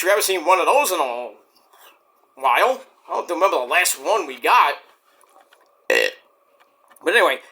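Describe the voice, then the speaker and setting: An animated man rambles through wrestling chat, his voice swinging up and down as he goes. He swears freely and has a bright, forward tone. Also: high-pitched. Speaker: podcast host.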